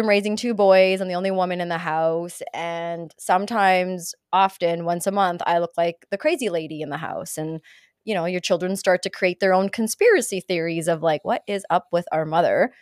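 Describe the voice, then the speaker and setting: Animated woman telling a story, with very dry sound. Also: fairly low pitch, moderate pace, no echo. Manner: animated, laughing, acts out family members' lines. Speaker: podcast guest. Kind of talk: casual storytelling.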